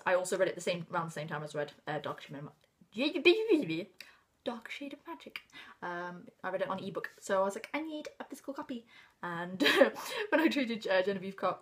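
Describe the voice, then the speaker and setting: A woman in her twenties with an English accent, chatting casually about books she bought, rambling and excitable, trailing off into whispers. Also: on the low side, a little fast. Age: 20s. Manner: rambling, self-interrupting, excitable; swings into hushed whispers. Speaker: book vlogger. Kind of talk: casual book haul chat.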